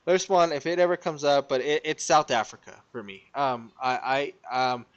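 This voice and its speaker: A young man hosting a casual podcast, upbeat and excitable, quick to agree with his co-host. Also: medium pitch, muffled recording. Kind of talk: casual chat.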